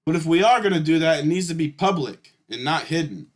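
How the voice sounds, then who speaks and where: High-voiced man, blunt, emphatic commentary. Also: lively intonation, fairly quick. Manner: emphatic and blunt, swears, keeps addressing viewers as y'all. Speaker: channel host. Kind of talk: casual commentary reading through historical charts.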